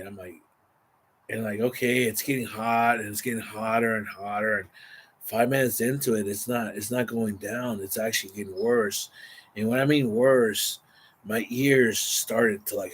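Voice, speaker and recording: Casual male vlogger, lowish voice, rambling and animated storyteller. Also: measured pace, husky. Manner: rambling, animated, exaggerating for effect.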